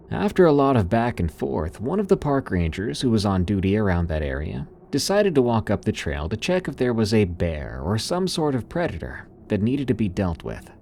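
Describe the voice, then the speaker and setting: A man's voice: on the low side, mellow, a little hiss or hum. A man narrating a first-person horror story in a dramatic, suspenseful storytelling manner.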